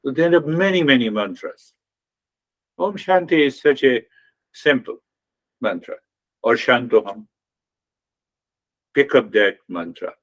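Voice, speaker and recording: A man giving a spiritual talk on meditation as a teacher, explaining in an unhurried way and repeating key phrases. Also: medium pitch, expressive, a bit bright.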